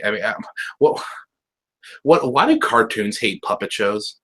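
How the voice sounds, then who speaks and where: A man's voice: mid-range voice, normal speed, pauses often, bright, forceful tone, poor audio. A young man on a casual review podcast, ranting animatedly and swearing as he goes. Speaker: podcast co-host reviewing a cartoon episode. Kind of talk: casual chat.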